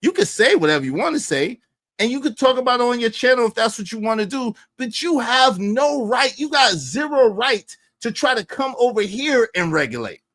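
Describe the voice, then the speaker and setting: Fired-up man, high lively voice. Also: normal speed, no echo. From Brooklyn, New York. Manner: confrontational, repeats phrases for emphasis, swings loud. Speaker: livestream host. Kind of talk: heated livestream rant.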